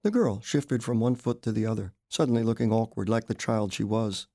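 Gravelly male author reading his fiction. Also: fairly low pitch, fairly quick, no room sound, studio quality. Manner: expressive, wry storytelling. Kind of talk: literary audiobook narration.

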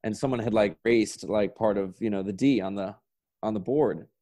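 A young man in his twenties speaks in a low, warm, mellow voice. He tells stories casually as a podcast guest, rambling along and filling his sentences with "like" and the odd swear word. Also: normal speed. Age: 20s. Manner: laid-back, rambling, peppered with "like" and swearing. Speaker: podcast guest, sketch comedian. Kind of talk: casual storytelling chat.

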